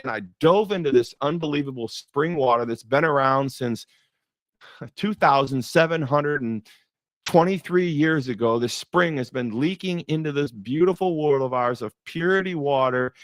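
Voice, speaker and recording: Middle-aged guy doing a faith pep talk, kinda high voice, preachy and repeats himself a lot, dry close sound. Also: normal speed, dry recording. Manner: emphatic and repetitive, preacher-like cadence. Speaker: motivational speaker. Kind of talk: faith-based motivational talk.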